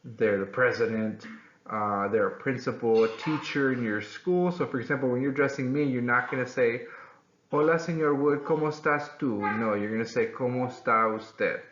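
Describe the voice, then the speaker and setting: A man teaching a Spanish lesson, patient and clear, repeating words slowly for his students. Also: mid-range voice, fairly bright tone, a little hiss or hum. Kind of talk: classroom-style language lesson. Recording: echoey room, slightly dull sound.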